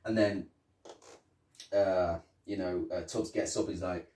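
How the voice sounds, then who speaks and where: A man's voice: sits low, steady tone, takes it slowly, dark tone. A man co-hosting a podcast, chatting casually about a TV episode and acting out lines from scenes. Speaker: podcast co-host. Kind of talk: casual chat reviewing a TV episode. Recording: roomy, distant mic.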